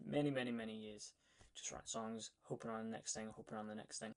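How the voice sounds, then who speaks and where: A young man tells his own story to the camera, punchy and emphatic, leaning on repeated lines. He sounds a little out of breath, and his voice sits at an ordinary middle pitch for a man. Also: fast, creaky. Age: young adult. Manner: energetic and emphatic, repeats phrases for effect. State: slightly out of breath. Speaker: vlogger. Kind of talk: casual storytelling monologue.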